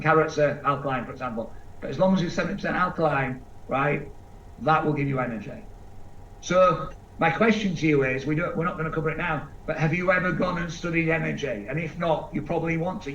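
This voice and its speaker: A man giving an energetic seminar talk to a live audience, asking them questions and acting out quick voices. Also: on the high side. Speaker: seminar speaker. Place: large event room with live audience. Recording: echoey room, distant mic, dull sound, faint background noise.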